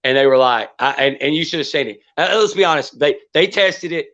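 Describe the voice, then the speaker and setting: A man's voice: fairly high pitch, a little fast, fairly bright tone. A man cohosting a casual livestream chat, telling a rambling, profane story with many restarts. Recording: dull lo-fi stream audio.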